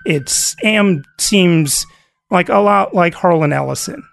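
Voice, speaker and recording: A man's voice: high-pitched, slow pace, creaky, a little hiss or hum. A man co-hosting a podcast, chatting casually and rambling as he searches for words. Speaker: podcast co-host. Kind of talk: casual chat.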